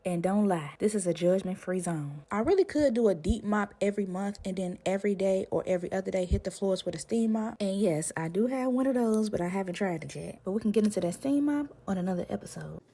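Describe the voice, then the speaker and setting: A woman's voice: mid-range voice, expressive, fast talker, hardly any pauses, mellow, breathy edge. A woman hosting her own cleaning series in a playful, candid voice-over that talks to viewers.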